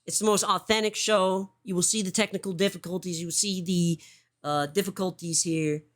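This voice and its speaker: A woman's voice: on the low side, steady tone, moderate pace. A woman hosting a livestream show, giving casual commentary, swearing often and restarting her sentences.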